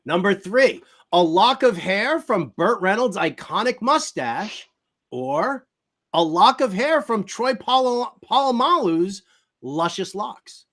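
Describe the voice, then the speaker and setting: High-voiced playful male host. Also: very animated, slow pace, a bit bright. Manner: playful, teasing, game-show style quizzing. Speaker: sports talk show host. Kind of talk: casual sports talk.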